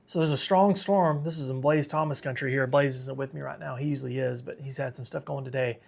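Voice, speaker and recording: A man's voice: mid-range voice, steady tone, brisk, gravelly. A man hosting a live severe weather stream, tired and sick, talking casually and reading viewer comments aloud. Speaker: weather livestream host.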